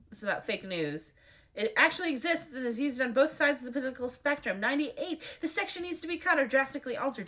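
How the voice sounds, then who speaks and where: A woman's voice: sits high, a bit bright. A woman reading out a list of numbered editor's notes, breaking in with dry, sarcastic asides. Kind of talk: reading aloud with wry asides.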